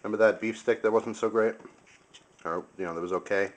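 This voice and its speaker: A man's voice: on the low side, steady tone, fairly quick, slight background noise. A young man casually reviewing food on camera, chatty and enthusiastic, sometimes talking with his mouth full. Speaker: video host.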